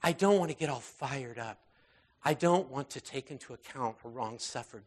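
A man preaching an informal sermon in a conversational way, full of fillers and restarts, moving between raised intensity and quiet, soft passages. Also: mid-range voice, expressive, moderate pace.

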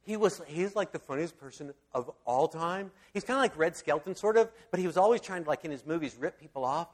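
A man's voice: fairly high pitch, lively intonation, a little fast. A man giving a casual, rambling Bible talk, enthusiastic and full of fillers and restarts. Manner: enthusiastic storyteller.

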